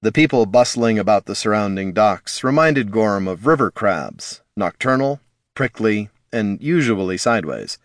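A man narrating a fantasy audiobook in an expressive storytelling manner. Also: on the low side, moderate pace, no echo, studio quality.

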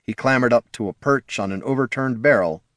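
A man narrating an audiobook in an expressive storytelling manner. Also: medium pitch, brisk, dry recording, studio quality.

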